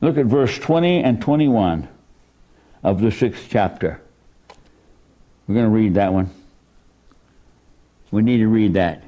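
Animated preaching man with lively pitch. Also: a little slow, long pauses, dull audio. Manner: animated preaching, voice surging high for emphasis. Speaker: pastor. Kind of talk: sermon. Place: church.

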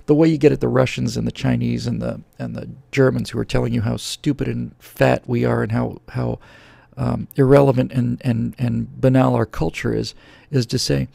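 A man's voice: medium pitch, little pitch movement, normal speed, vocal fry, warm tone, no echo. A middle-aged man hosting a show, answering viewer questions in a sarcastic, opinionated political rant close to a studio microphone. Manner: sarcastic, ranting, jumps into mocking voices.

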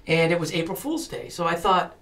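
A man, a podcast guest who is an actor and comedian, telling stories with animated delivery and acting out the voices of people in them. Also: a little high, brisk, a little hiss or hum. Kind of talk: animated storytelling.

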